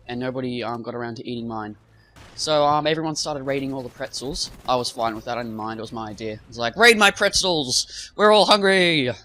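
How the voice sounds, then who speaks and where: A man's voice: medium pitch, fairly bright tone. A young man telling a rambling school story while commentating on gameplay, full of fillers and asides. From half British. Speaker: gaming commentator. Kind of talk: casual storytelling over gameplay.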